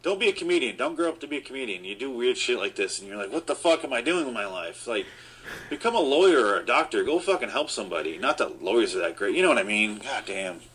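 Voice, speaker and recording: A man's voice: mid-range voice, big pitch swings, fast, a bit bright, slight background noise. A man in his thirties, a comedian, ranting at himself with self-mocking swearing in a tiny studio. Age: 30s.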